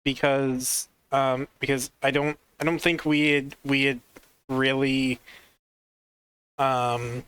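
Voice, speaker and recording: A man co-hosting in casual chat, talking haltingly with many restarts. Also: mid-range voice, flat delivery, a bit bright, clear, resonant tone, no echo. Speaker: co-host.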